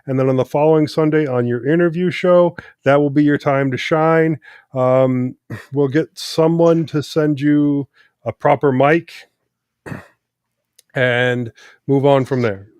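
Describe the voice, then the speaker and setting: A mid-pitched man hosting a laid-back podcast who teases the others and drifts through "um"s. His voice is close and dry, with no room sound. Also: fairly even intonation, unhurried, a little mellow, clean tone, dry recording. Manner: teasing jokes, loose with fillers. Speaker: podcast host. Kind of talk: casual chat.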